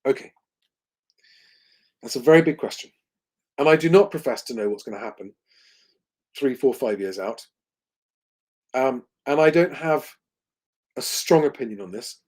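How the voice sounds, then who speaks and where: A man's voice: mid-range voice, lively intonation, moderate pace, long pauses, a little mellow. A man hosting a livestream Q&A, talking conversationally with lots of ums and restarts. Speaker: host.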